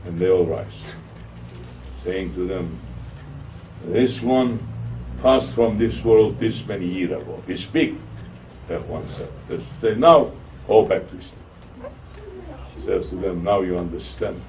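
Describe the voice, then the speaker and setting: A man's voice: a little slow, long pauses, a little hiss or hum. A man with a Turkish accent, a Sufi shaykh, tells a story in a sermon and acts out the voices of its characters. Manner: animated storytelling, acting out quoted voices with rising pitch. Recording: distant mic with faint room ambience.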